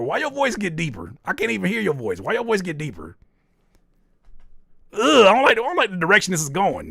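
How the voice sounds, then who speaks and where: A man's voice: on the high side, moderate pace, creaky, long pauses, husky, no echo, clean studio sound. A man hosting a livestream, chatting casually as he reads the chat and teases his viewers with mock scolding. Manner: animated, teasing, mock-scolding. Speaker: livestream host reading chat.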